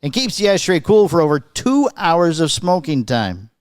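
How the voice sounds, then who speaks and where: A man's voice: fairly high pitch, big pitch swings, normal speed, clean tone, dry recording, clean studio sound. A man co-hosting a podcast, reading a news item aloud and joking about it in casual chat. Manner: joking, reads out text then riffs on it. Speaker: podcast co-host.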